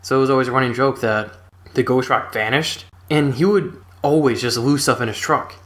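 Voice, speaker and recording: A man's voice: medium pitch, fairly quick, fairly bright tone. A young man casually retelling a funny personal story in a laid-back, rambling way, chuckling now and then.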